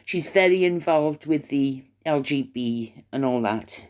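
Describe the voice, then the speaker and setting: Older woman YouTuber, gossipy rambling talk to camera, voice sits a touch low. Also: a little slow, a little mellow. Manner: rambling, gossipy, hesitant with fillers. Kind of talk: casual chat to camera. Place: retirement home, indoors.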